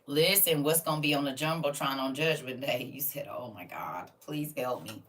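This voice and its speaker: A woman's voice: very deep voice, normal speed, far from the mic. A woman hosting a casual livestream, teasing and preaching to her chat. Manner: sassy, teasing, preachy, loud bursts of scolding. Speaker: livestream host teaching a class.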